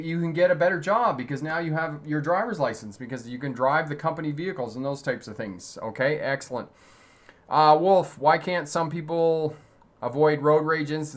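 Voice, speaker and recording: A middle-aged man with a slightly high voice hosts a live stream on driving lessons, chatting and laughing often while reading chat questions and repeating the key points.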